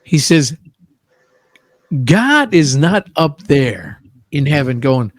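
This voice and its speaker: A man's voice: a little high, sing-song, slow, no echo, studio quality. A man in casual podcast chat, telling stories and acting out quotes with enthusiasm. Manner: storytelling, acts out quotes with a lot of enthusiasm.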